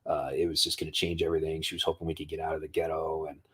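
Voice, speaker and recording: A man's voice: extremely low pitch, completely flat delivery, racing, a bit bright, husky. A man from the United States talking casually on a livestream, telling a personal story in a profane, conversational way. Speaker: streamer.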